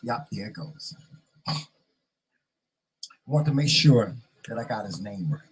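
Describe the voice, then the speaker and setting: A man from North Carolina, chatting casually on his vlog as host, repeating himself and sounding proud and excited. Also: on the low side, takes it slowly, slight background noise, rough recording.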